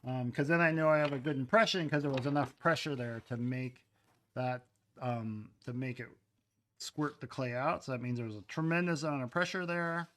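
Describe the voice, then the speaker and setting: This man speaks at a moderate pace with a medium pitch and a slightly bright tone. He's demonstrating clay cup making on a pottery live stream, talking casually in his studio and frequently trailing into murmurs.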